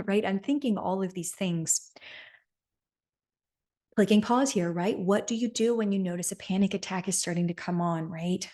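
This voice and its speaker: A woman's voice: medium pitch, normal speed, warm tone. A woman podcast host telling a personal story in an earnest coaching manner, often checking in with "right?".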